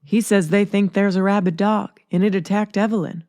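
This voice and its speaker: A soft-voiced twelve-year-old girl with a Southern US accent voiced by a woman reader. She speaks gently and plainly, close and dry, in a storybook reading. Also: medium pitch, steady tone, normal speed, dry recording, natural voice.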